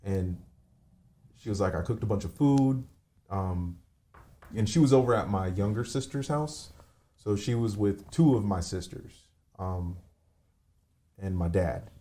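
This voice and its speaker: A man on a remote call telling a painful personal story, halting, with many fillers and restarts. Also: fairly low pitch, lively intonation, warm tone. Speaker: podcast guest.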